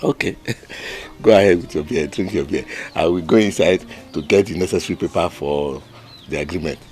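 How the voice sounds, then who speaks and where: A man's voice: deep voice, normal speed, darkish tone, soft background music, lightly acted. A man with a Nigerian accent playing a cold, greedy village cabinet member who mocks a friend's plea. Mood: dismissive. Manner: dismissive, mocking. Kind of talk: Nollywood film acting.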